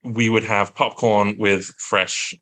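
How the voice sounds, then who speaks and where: English guy, 30s, bright forceful voice, lively storyteller, casual interview guest. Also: on the low side, slow pace. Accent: neutral American-leaning English, native northern English. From England. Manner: animated storyteller, slips into playful character voices. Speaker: guest actor.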